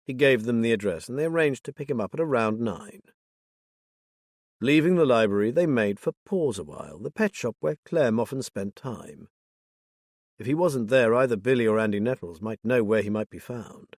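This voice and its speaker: In a dry, studio-quality recording, a man of medium pitch reads a thriller audiobook script at an even, measured pace.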